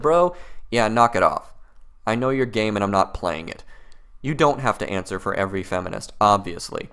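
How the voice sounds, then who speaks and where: A man delivers a rebuttal commentary in a mocking, exasperated way. His voice rises and falls a lot as he picks arguments apart. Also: fairly bright tone. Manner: mocking, exasperated, mimics opponents in high voices. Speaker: commentary video host.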